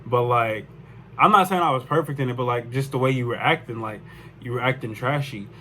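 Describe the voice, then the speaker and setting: A man's voice: medium pitch, fairly quick, sharp tone, a little hiss or hum. A young man telling a personal story in a casual, rambling way, full of swearing and "like". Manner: rambling, profane, lots of "like". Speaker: vlogger.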